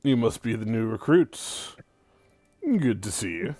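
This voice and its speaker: Man putting on a loud, leering cowboy killer. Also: fairly low pitch, big pitch swings, measured pace, dry recording, faint music behind. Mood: gruff. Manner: boastful, menacing, leering. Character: brash cruel male cowboy vampire hunter.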